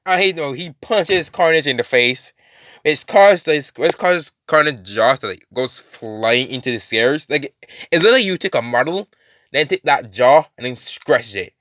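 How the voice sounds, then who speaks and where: A man's voice: medium pitch, expressive, normal speed, fairly bright tone, no echo, clean studio sound. A man casually retelling a fan-made story, rambling with many fillers and restarts.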